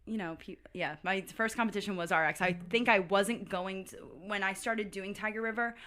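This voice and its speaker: A woman's voice: medium pitch, fairly even intonation, moderate pace, a bit bright. A woman in her thirties, a podcast guest chatting casually and telling stories, filling her talk with "like". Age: 30s. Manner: chatty storyteller, heavy use of "like". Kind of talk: casual interview chat.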